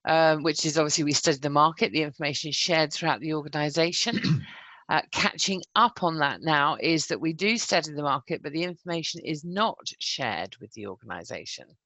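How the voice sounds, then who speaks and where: A woman co-hosting a webinar, giving steady updates on poll results with occasional hesitations. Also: low voice, fairly quick, no room sound, poor audio. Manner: steady, informative, with hums of um. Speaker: webinar co-host running polls.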